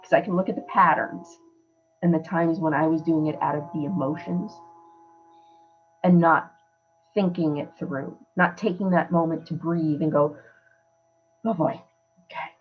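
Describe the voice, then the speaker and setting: A woman's voice: low voice, fairly even intonation, normal speed, dull audio, soft background music. A woman hosting a podcast, giving earnest, emphatic advice in a conversational way. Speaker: podcast host. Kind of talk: casual coaching talk.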